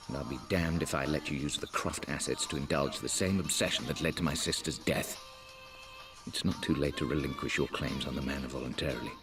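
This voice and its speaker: An actor playing a stern, threatening middle-aged uncle, reading a formal letter in a video game. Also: male voice, a bass voice, distant mic.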